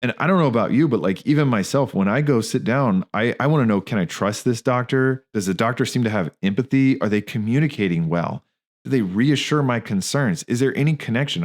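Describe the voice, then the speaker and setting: A man in his thirties hosting a podcast, telling personal stories in a candid, slangy, emphatic way. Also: medium pitch. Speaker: podcast host, physician and practice owner. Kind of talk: casual spoken monologue.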